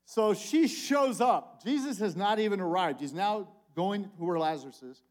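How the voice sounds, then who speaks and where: Animated, casual older male preacher. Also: sits high, moderate pace. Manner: animated, conversational preaching with big swings in volume. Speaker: conference speaker. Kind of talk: sermon.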